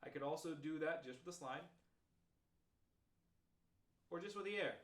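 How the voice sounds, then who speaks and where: In an echoey room, a man with a fairly high voice for a male speaker demonstrates trombone practice methods at a rapid-fire pace. He stays relaxed and explanatory, going through examples one step at a time.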